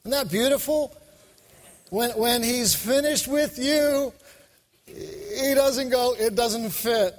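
A man's voice: very high voice, slow, long pauses. A man preaching a fervent, repetitive sermon, speaking straight to a large crowd. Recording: long hall reverb.

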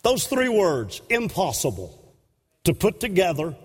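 High-voiced preacher, slow and impassioned. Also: male voice, expressive. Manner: impassioned, breaking into shouts for emphasis. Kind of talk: sermon. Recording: long hall reverb.

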